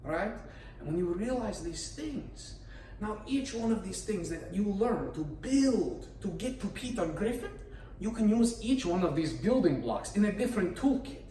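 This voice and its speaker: Theatrical man, lively high voice, echoey. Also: normal speed, slight background noise. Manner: theatrical, playful, rhetorical questions. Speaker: voice performer. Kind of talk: explanatory monologue on voice acting. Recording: echoey room, voice from a distance.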